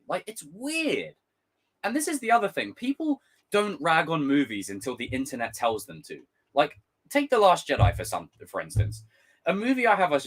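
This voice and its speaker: A young man ranting casually on a live stream, swearing freely and slipping into quick impressions. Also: on the high side. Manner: animated, swearing, jumps into impressions.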